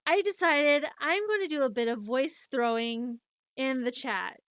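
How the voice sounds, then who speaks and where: A woman's voice: high voice, a little slow, a bit bright, no echo. Chatty woman streamer rambling through stories. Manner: rambling, many fillers and restarts, laughs at herself. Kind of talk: casual storytelling chat.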